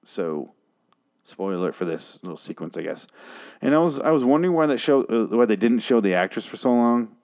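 A man's voice: medium pitch, lively intonation, fairly quick, darkish tone. A man casually recapping a TV episode, rambling, sarcastic and profane, with frequent asides and restarts. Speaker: show recap host.

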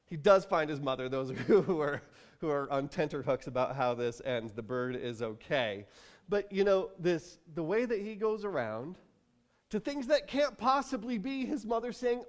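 A man in his thirties preaching a sermon, animated, acting out storybook voices as he tells it. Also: high-pitched, moderate pace. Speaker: pastor.

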